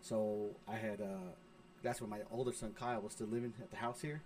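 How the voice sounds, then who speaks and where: A man's voice: on the low side, flat delivery, brisk, darkish tone, a little hiss or hum. A man in his forties telling a long profane story in casual chat, acting out his own lines as he goes. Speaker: podcast co-host. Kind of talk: casual storytelling among friends. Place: studio with friends smoking on air.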